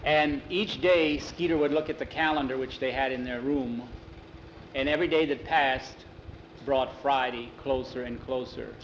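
A man telling a story in an unhurried, drawn-out way and acting out the characters' dialogue. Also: mid-range voice, steady tone, muffled recording, slight background noise. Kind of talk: told story with acted dialogue.

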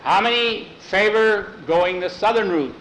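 A man storyteller voicing a calm, persuasive wagon-train leader who reasons with a crowd. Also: sits high, unhurried, slight background noise, voice pushed up, poor audio. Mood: decisive.

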